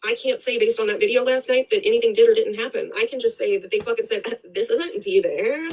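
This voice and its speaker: A woman holds forth on a live stream with blunt, rambling opinions and frequent swearing. Her voice has a gravelly, husky grain. She often circles back to repeat her own points. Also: fairly high pitch, fairly even intonation, fast talker, darkish tone, poor audio. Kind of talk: casual opinionated commentary.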